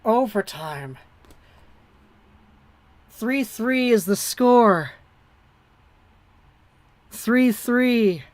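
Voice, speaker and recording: An excitable amateur streamer calls a hockey game play by play in a breathless rush. The voice sits at an ordinary middle pitch. It is recorded close and dry, with no room sound. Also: drawn-out words, long pauses, dry recording. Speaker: hockey livestream host.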